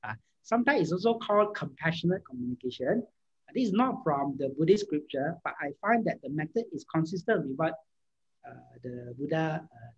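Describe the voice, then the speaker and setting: A man talks through an informal lecture. His voice is husky. He hesitates often and restarts his sentences. The recording sounds dull and lo-fi. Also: on the high side. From Malaysia. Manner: hesitant, many fillers and restarts. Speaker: speaker answering audience questions.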